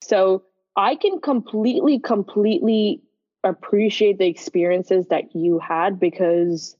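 A woman from Dublin hosts a casual chat and speaks in an earnest, reflective way. Her voice sits at a middle pitch. The recording is dry and a little dull. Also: unhurried, mellow, dry recording. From Dublin, Ireland. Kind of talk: casual conversation.

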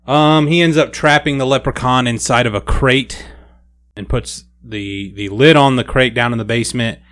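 A man hosting a casual movie podcast, recapping a film plot in an animated storytelling way. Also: mid-range voice, normal speed.

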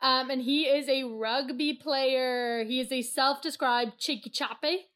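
An American woman co-hosting a podcast, with a high voice. She chats casually, teases her co-hosts and laughs often. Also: fairly even intonation, measured pace, fairly bright tone. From United States. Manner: chatty, laughs often, teasing. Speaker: podcast co-host.

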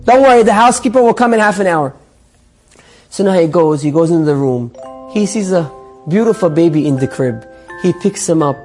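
Very high-voiced man telling a story. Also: darkish tone. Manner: emphatic, repeats phrases for effect. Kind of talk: spoken storytelling.

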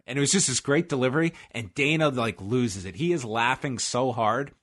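A man's voice: medium pitch, fairly quick, hardly any pauses, fairly bright tone. Rambling man co-hosting a podcast. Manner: rambling, jokey storytelling. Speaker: podcast co-host. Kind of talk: casual podcast chat.

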